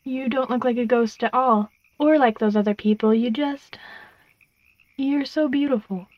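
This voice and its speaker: A woman voicing a gentle little ghost girl who speaks softly and plainly. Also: a little high, normal speed, no room sound, highs cut off, lightly acted.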